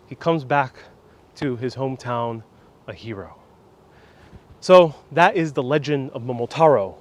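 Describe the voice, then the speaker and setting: A man hosting an outdoor tour, retelling a folk legend in a lively, casual way, recorded outdoors on a small wireless clip-on mic. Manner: lively, casual retelling with pitch swings and fillers. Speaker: tour guide host. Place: outdoor sculpture park.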